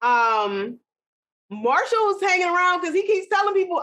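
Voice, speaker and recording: High-voiced opinionated woman podcaster. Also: big pitch swings, a bit bright, rough recording. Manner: opinionated, ranting, quick asides. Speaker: podcast co-host. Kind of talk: casual chat.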